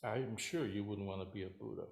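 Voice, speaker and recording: A man voicing a calm male sage who speaks in a quiet, mild voice. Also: on the low side, fairly quick, gravelly, echoey room.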